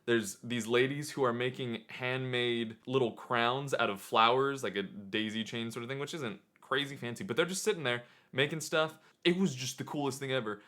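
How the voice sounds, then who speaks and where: Bright-voiced young man telling a story. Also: medium pitch, normal speed, few pauses. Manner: excitable, animated retelling. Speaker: vlogger. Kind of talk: casual storytelling.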